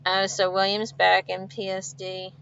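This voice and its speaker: A woman's voice: medium pitch, completely flat delivery, unhurried, gravelly, fairly bright tone, dull audio. A woman truck driver chatting casually on a live stream from her truck cab, laughing often and reading viewer comments aloud. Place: inside a truck cab with refrigeration unit running. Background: refrigeration unit hum.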